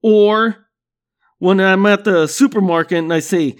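High-voiced man in a profane comic rant. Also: a little slow. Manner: swears constantly, laughs at own jokes, "you know what I'm saying". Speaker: podcast host.

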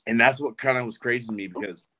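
With slight background noise behind him, a podcast guest in his twenties talks fast in a bright, forceful, mid-range voice. In casual chat he spins a rambling story laced with profanity, restarting frequently.

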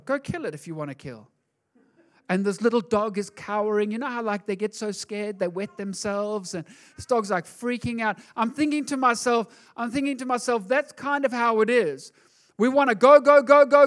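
Animated high-voiced male pastor. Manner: animated, acts out quoted voices, conversational. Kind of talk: sermon.

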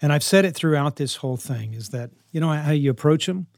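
Earnest man with a fairly high voice. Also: lively intonation, a little fast, gravelly, a little mellow, dry recording, clean studio sound. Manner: earnest, repeats himself for emphasis. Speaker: houseparent to high school kids. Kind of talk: advice talk to parents.

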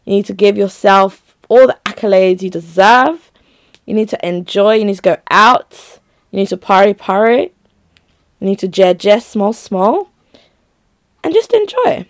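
A woman's voice: medium pitch, moderate pace, dry recording. Young woman, solo podcast host, casual rambling chat, giggly, dry close mic. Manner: rambling, chatty, giggly asides.

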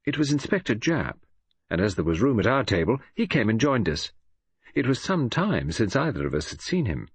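A man reading a detective novel as an audiobook, narrating in an expressive, measured way. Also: mid-range voice, breathy edge, no room sound. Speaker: audiobook reader. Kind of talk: scripted narration.

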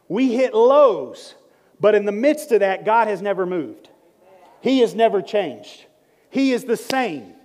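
Man, pastor, sermon, high voice, joking and lively, long church-hall reverb. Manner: lively, joking preacher who prays and teaches. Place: church sanctuary.

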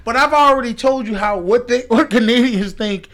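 A man co-hosting a podcast, giving his opinions in an animated casual chat. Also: very high-pitched, moderate pace. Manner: opinionated, animated, laughs while talking. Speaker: podcast co-host.

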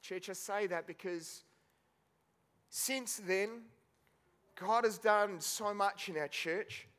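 A man's voice: high-pitched, slow, fairly bright tone. A man preaching a sermon as pastor, telling a personal story with emotion, tearful and laughing at moments.

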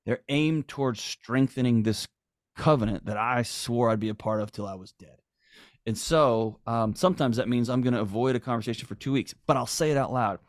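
A middle-aged man speaks in earnest, emphatic podcast talk, now and then acting out what people say. His voice sits at an ordinary pitch for a man. The sound is dry and close, with no room around it. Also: fairly quick, no room sound. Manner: earnest, emphatic, acts out quoted lines. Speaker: guest.

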